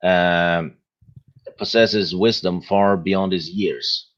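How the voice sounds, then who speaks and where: A man appearing as a podcast guest, explaining his theory at a measured pace with many hesitations. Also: low-pitched, fairly even intonation, dull audio. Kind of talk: casual podcast discussion.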